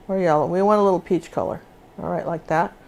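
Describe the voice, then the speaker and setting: A woman's voice: fairly low pitch, fairly even intonation, quick pace, gravelly, darkish tone. An older woman teaching a live acrylic painting lesson, chatting as she works and often restarting her sentences. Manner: chatty, talks while working, restarts often. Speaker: painting instructor.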